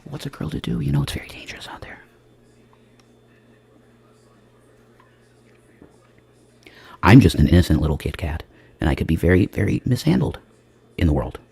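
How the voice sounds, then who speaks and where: A man's voice: low voice, big pitch swings, fast talker, vocal fry, mellow, slightly rough, exaggerated voice. A man doing a whispered role-play of a fragile, innocent little girlish kitten, coy and self-pitying.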